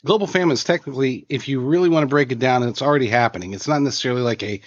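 A man joins remotely as a guest commentator, pressing his opinions emphatically at an average pitch. His voice sounds dull and lo-fi. The call audio is dry, with no room sound. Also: racing, dry recording. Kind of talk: remote interview.

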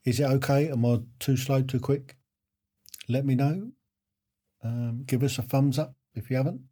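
A man's voice: mid-range voice, moderate pace, warm tone, slightly rough. A man hosting a live online quiz in a chatty, self-deprecating way, often chuckling.

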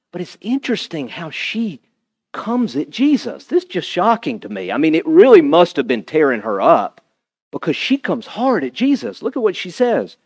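Male pastor, high and very expressive, conversational sermon style with congregation asides. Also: breathy edge.

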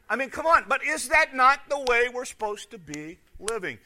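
A man preaching a sermon, firing off rhetorical questions and swinging between loud and hushed. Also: very high voice, big pitch swings, moderate pace, few pauses. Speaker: pastor.

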